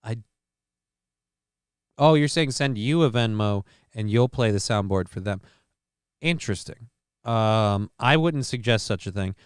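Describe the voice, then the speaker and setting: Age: unknown. Sex: man. Role: show host. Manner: profane, rambling, crisp voice. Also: fairly low pitch, expressive, measured pace, pauses often, dry recording, studio quality. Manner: profane, rambling riffs on news items. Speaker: live-stream show host. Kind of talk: casual live-stream commentary.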